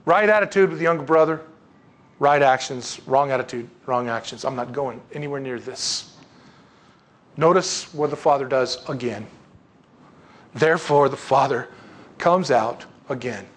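A man's voice: medium pitch, animated, moderate pace. A man preaching a sermon in a conversational, folksy way, with casual asides and rhetorical questions. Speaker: pastor.

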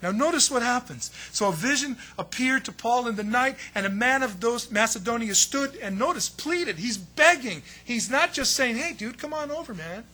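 A man preaching a sermon as pastor, telling the story with lively acted-out quotes. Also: extremely high pitch, normal speed, hardly any pauses. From United States. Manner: animated storytelling, acts out quoted voices.

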